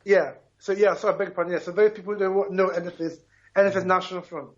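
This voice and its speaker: Impassioned phone caller, high-pitched man. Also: steady tone, fast, dull audio. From Ghana. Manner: emphatic, passionate, keeps checking in with "right?". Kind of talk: call-in radio talk.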